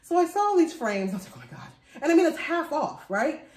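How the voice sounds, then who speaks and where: A woman's voice: high voice, very animated, fast, darkish tone. A woman in her thirties chatting casually to camera about her thrift finds, rambling and laughing often. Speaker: vlogger showing a thrift haul. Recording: echoey room.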